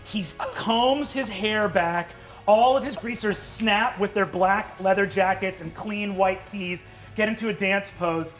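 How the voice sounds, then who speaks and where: A man narrating as the game master of a tabletop game, fast and full of fillers. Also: high voice, fairly bright tone, soft background music. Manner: quick narration with many fillers.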